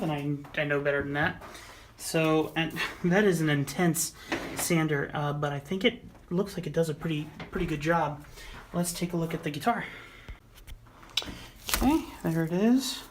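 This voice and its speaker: Woman with a lowish voice talking to herself through a diy guitar sanding vlog, kinda hesitant, lots of ums. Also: a little hiss or hum. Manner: musing and hesitant, with frequent fillers and self-corrections. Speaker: DIY maker refinishing a guitar. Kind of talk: hands-on workshop vlog, thinking aloud.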